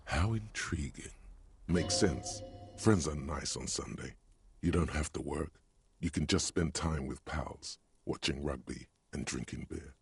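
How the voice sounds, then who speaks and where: Gravelly, husky game narrator, wry and sardonic. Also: male voice, a bass voice, unhurried, no echo, full character voice. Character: wry, deep-voiced male game narrator.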